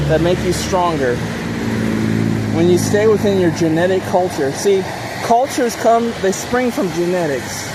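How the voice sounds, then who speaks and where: A man delivering a preachy advice monologue to his viewers, often pausing to ask "okay?". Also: sits high, heavy background noise. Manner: preachy, repeats "okay?" to check in. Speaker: dating advice channel host.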